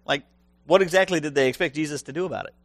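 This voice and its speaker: A man preaching a sermon, animated and humorous, acting out voices from the stories he tells. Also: fairly high pitch, racing, no room sound, studio quality. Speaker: pastor.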